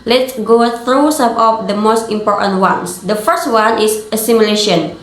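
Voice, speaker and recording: A woman's voice: mid-range voice, moderate pace. A young woman student reading a class presentation aloud, steadily explaining terms with spoken examples. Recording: roomy echo.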